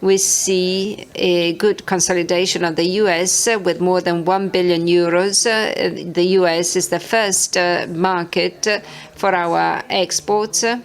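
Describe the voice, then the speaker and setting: A woman interpreting a conference talk, halting and hesitant, with many filler sounds between words. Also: fairly low pitch, fairly even intonation.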